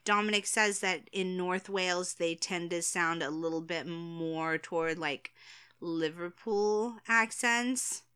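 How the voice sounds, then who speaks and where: A woman's voice: lowish voice, takes it slowly, sharp tone, clear, resonant tone. A woman from the United States co-hosting a podcast in casual chat, laughing often and trailing off mid-sentence. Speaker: podcast co-host.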